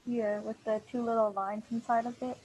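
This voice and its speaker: A woman's voice: on the high side, little pitch movement, moderate pace, darkish tone, husky, dull audio. A woman teaching a language class online over a video call, patient and encouraging, with many fillers. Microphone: computer mic on a video call.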